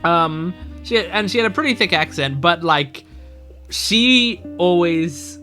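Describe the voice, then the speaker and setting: A man with a bright, fairly high voice plays through a mystery game, reading its text aloud. He talks loosely and rambles, with lots of fillers and restarts. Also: animated, unhurried, faint music behind. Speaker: gamer playing a mystery game. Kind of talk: casual let's-play commentary, reading game text aloud.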